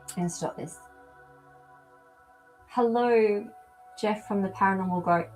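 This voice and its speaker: A woman's voice: lowish voice, steady tone, quick pace, low-quality recording. Chatty woman host, faint music behind. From not from America. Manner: chatty, thinks aloud with many ums. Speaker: animal communicator, show host. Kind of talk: live-stream reading for viewers.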